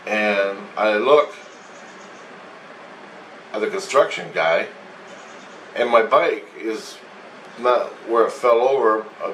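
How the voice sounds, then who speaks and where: A man's voice: on the low side, a bit bright. A man casually recounting a dream, meandering and swearing freely as he goes. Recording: echoey room, distant mic, faint hum.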